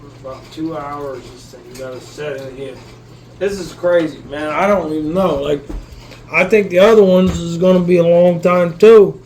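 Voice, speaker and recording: High-voiced rambling man cooking. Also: fairly even intonation, normal speed, darkish tone, a little hiss or hum, poor audio. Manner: rambling, swears casually, keeps asking "you know what I mean"; talks straight to viewers while cooking. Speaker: cooking channel host. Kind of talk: casual cooking vlog.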